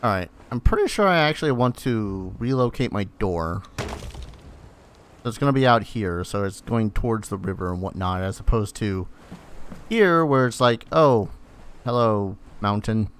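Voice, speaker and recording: A man's voice: lowish voice, lively intonation, normal speed, smooth. A man streaming a game, giving casual commentary and muttering to himself with self-teasing remarks.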